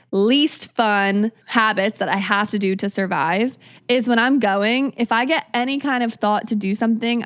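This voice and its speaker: Upbeat chatty young woman, higher voice. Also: clean tone. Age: 20s. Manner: upbeat, chatty, lots of "like" fillers. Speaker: podcast host. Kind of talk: casual solo podcast monologue.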